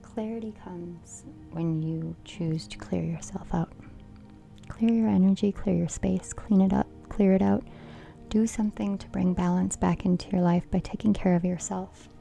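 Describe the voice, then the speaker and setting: A middle-aged woman doing a casual card reading, playful and giggly, often dropping into a soft whisper. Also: fairly low pitch, fairly even intonation, normal speed, creaky, faint music behind. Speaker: tarot reader.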